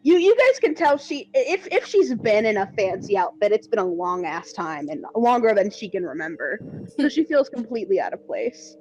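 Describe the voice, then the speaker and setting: A woman player in a casual tabletop role-play game, talking in an animated, giggly way and stumbling over her words. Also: mid-range voice, normal speed, noisy background.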